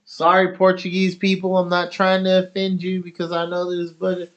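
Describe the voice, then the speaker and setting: A man's voice: sits high, completely flat delivery, moderate pace, a bit bright, dull audio. A man talking casually on a stream, rambling and swearing as he tells an argumentative story.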